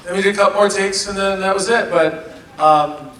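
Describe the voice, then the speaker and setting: A man answering fan questions at a convention panel, telling stories in a lively way and laughing often. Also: sits high, fairly quick, a little hiss or hum. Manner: animated, laughing storyteller. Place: convention hall. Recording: echoey hall, from far off.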